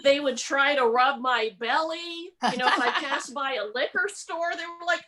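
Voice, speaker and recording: A middle-aged woman doing a stand-up comedy set with a deadpan delivery. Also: high voice, poor audio. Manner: slow deadpan delivery with mocking put-on voices. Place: home, virtual comedy show.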